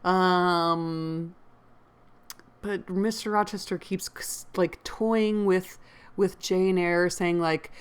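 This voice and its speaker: An American woman hosting a book channel, recapping a novel in a chatty, animated way with blunt opinions and mild swearing. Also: lowish voice, slow, clear, resonant tone. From United States. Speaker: host and book reader. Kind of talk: casual chat recapping a novel.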